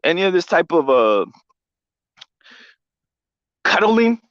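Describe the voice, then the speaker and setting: A man hosting a combat sports show in a casual, profane, animated rant that keeps circling back on itself. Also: high-pitched, takes it slowly, dry recording, highs cut off. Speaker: show host.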